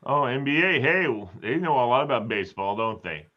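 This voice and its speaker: A man's voice: medium pitch, expressive, a little fast, highs cut off. A man hosting a casual group chat, talkative and teasing his guests. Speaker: host.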